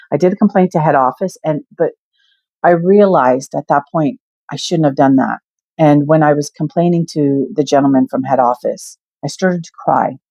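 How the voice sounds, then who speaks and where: Older woman, low pitch, candid and emphatic vlogger telling her story, dry sound. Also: darkish tone, no echo. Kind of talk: personal storytelling to camera.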